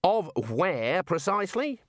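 Man playing a smug old wizard, slow, drawling, lively pitch, dry recording. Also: no room sound, heavily acted.

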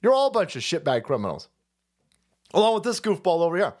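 A man's voice: sits high, huge pitch swings, fast talker, a little mellow. A man ranting on his stream in political commentary, profane and mocking, swearing freely. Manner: profane, mocking, mimics opponents in silly voices. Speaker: streamer host.

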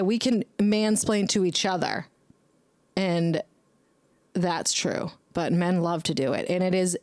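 A woman's voice: medium pitch, darkish tone, dry recording, clean studio sound. A young woman hosting a casual monologue who rambles bluntly, swears heavily and scolds herself by name. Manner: talks back to herself by name. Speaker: podcast host.

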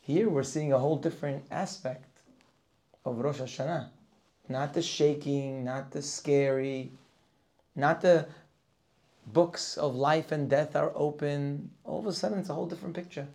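A man's voice: a little high, steady tone, moderate pace, vocal fry. A man teaching a Torah class for Rosh Hashanah, reading Hebrew verses and translating them line by line. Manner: reads Hebrew verses and translates each, rising and louder as he goes.

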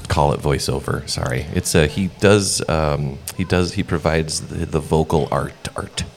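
A man co-hosting a podcast in casual chat, playful and quick to joke. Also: extremely low pitch, gravelly. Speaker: podcast co-host.

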